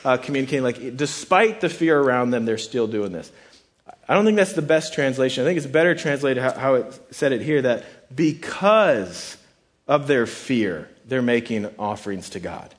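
A man preaching a sermon in a conversational way, often restarting words and acting out quoted thoughts. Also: mid-range voice. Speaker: pastor.

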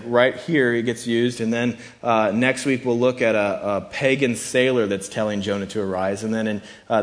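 Man preaching a casual sermon. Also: mid-range voice. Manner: conversational preaching, acts out quoted voices. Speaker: pastor.

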